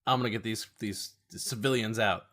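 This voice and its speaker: A man playing in a tabletop game, cracking deadpan jokes. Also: lowish voice, a little fast. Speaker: player.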